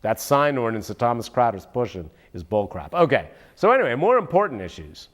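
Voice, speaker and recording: A man's voice: medium pitch, very animated, fairly quick, a bit bright. A man ranting sarcastically in political commentary, often turning aside to address an unseen listener.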